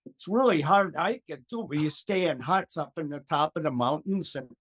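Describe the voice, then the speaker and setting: An older man tells a travel story as an interview guest. He is animated, acts out the other voices and laughs often as he goes. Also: on the high side, moderate pace, slightly rough. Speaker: gardening expert guest.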